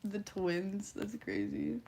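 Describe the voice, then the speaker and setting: Young girl streaming, reads chat slow and laid back, lots of giggling and teasing. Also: medium pitch, steady tone, gravelly, warm tone, slight background noise. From Canada. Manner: giggly, teasing, often laughing between lines. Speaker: livestreamer. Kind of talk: casual live stream chat, reading viewer comments.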